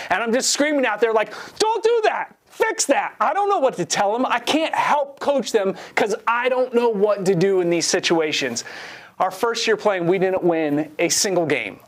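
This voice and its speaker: A man in his forties preaching a sermon, telling a self-deprecating story in an animated way. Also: high-pitched. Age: 40s. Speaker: pastor.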